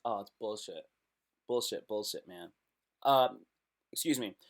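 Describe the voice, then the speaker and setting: A man's voice: fairly low pitch, a little slow. A man hosting a casual live stream, reacting aloud to web posts in a loose, slangy way.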